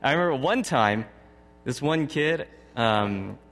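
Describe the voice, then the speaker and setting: A man's voice: mid-range voice, lively intonation, slow, fairly bright tone. A man in his thirties preaching a sermon, telling a personal story in a conversational way and chuckling often. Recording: long hall reverb.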